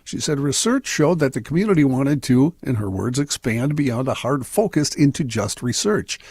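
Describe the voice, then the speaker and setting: Male news reader, slightly husky, dry close studio mic, steady measured delivery. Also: mid-range voice, dry recording. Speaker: news reader on a radio show. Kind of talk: reading news items on talk radio.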